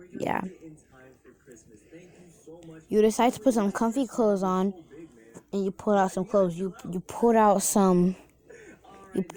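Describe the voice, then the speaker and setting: A woman's voice: medium pitch, dark tone. A young woman casually narrating a reader-insert fan story, unpolished and chatty, with asides to the listener.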